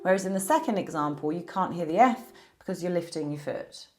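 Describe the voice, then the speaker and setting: A woman teaching a beginner piano lesson, explaining musical symbols patiently and clearly. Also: lowish voice, animated, a little fast.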